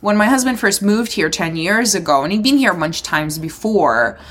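A woman chatting casually with a friend, drifting through a long anecdote, her talk full of "like" and "you know" and broken up by easy laughter. Her pitch and pace sit in the middle of the usual range. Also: expressive, normal speed, fairly bright tone. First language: not English. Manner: chatty storytelling, laughs often, lots of "like". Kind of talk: casual chat.

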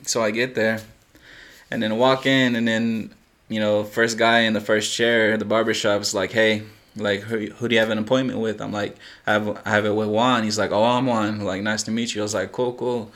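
A man's voice: on the low side, a little fast. A young man on a casual podcast, telling a story with plenty of swearing, acting out the quotes and laughing as he goes. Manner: animated storyteller, swears freely, acts out quotes, laughs often. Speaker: podcast co-host.

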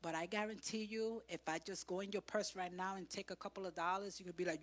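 A woman pastor preaching a sermon in church, swinging from loud, impassioned exhortation to soft, intimate speech. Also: mid-range voice, fast talker, few pauses.

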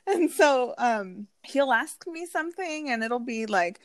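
A woman in her thirties talking casually on a podcast. She tells animated, chatty stories and acts out the quotes. Her voice sits fairly high, and it is recorded dry and close. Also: moderate pace, few pauses, no echo. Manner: chatty, animated storytelling with acted-out quotes and swearing. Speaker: podcast co-host. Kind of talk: casual chat.

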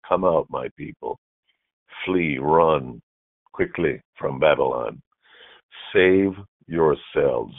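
Very deep gravelly preacher, phone-thin sound. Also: male voice, dry recording. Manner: emphatic, repeats key phrases, swings from hushed to loud. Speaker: bishop preaching. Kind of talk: sermon. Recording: dry, phone-like narrow sound.

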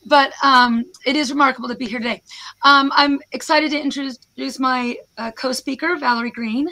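A hoarse American woman speaks high and bright, with a snarky, self-deprecating wit. She is a professor presenting over a video call, her worn voice still carrying a crisp edge. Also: steady tone, normal speed. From United States.

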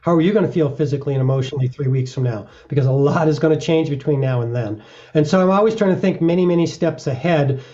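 A man's voice: a little high, quick pace, mellow, lo-fi sound. A middle-aged man, a mountaineer being interviewed, explaining earnestly and acting out short examples. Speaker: mountaineer guest. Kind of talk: reflective interview talk.

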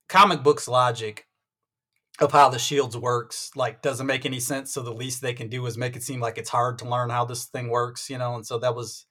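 A man co-hosting a casual sports chat, animated and stammering, with many restarts, acting out what others said. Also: medium pitch, normal speed. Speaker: podcast co-host.

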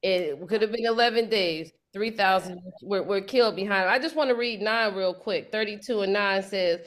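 A woman leading a congregation's Bible study, teaching in a lively, colloquial way and acting out the quotes with slang. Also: medium pitch, moderate pace, few pauses.

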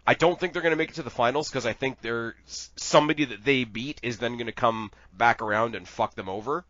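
A man co-hosting a podcast in casual wrestling chat, animated and rambling, swearing freely. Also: medium pitch, quick pace, dry recording, lo-fi sound. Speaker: podcast co-host.

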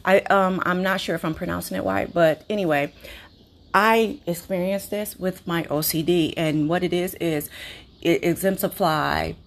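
A woman with a somewhat low voice hosts her own podcast as a casual solo monologue. She talks candidly, often restarting sentences and filling pauses as she works through her thoughts. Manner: candid, conversational, with frequent restarts and fillers. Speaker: podcast host.

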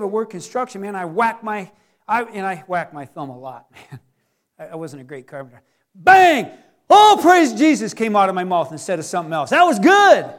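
Middle-aged male pastor, folksy joking sermon, very high voice. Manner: folksy, joking, acts out little scenes.

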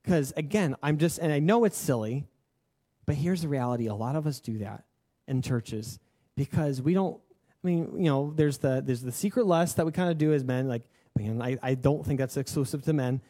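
A man's voice: mid-range voice, lively intonation, normal speed, dark tone. A young man preaching a sermon, telling a personal story in an earnest, conversational way with lots of filler words. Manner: earnest and confessional. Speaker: pastor.

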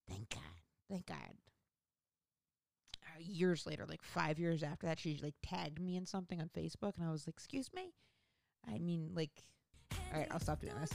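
A woman's voice: low-pitched, gravelly, darkish tone, dry recording, clean studio sound. A woman comedian telling a rambling, profane story about her own life in a casual, self-mocking way.

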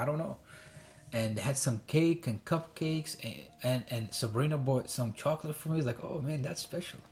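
A man from Iraq telling a childhood story in a casual chat, halting with many restarts and fillers, acting out the voices he quotes. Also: medium pitch. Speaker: guest.

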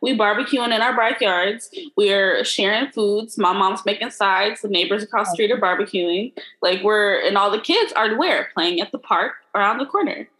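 A woman's voice: medium pitch, normal speed, few pauses, a bit bright, poor audio. A young adult woman in casual chat as a podcast co-host, telling stories bluntly and swearing freely.

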